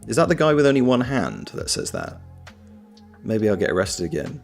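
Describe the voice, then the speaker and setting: A man's voice: on the low side, big pitch swings, measured pace, gravelly, pauses often. A man hosting a casual livestream, chatting and reading viewer messages aloud. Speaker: livestream host. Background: soft lo-fi background music.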